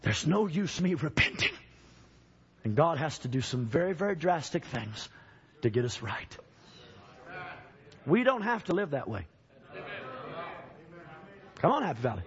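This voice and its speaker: A man preaching a sermon in a church, emphatic, swinging from shouting to low urging and calling out to the congregation. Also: sing-song, moderate pace, pauses often, highs cut off.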